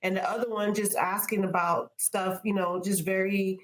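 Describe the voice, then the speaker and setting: A woman's voice: medium pitch, steady tone, normal speed, slight background noise. A woman speaker on a podcast panel, talking in an emphatic, playful way. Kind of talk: casual panel chat. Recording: roomy echo.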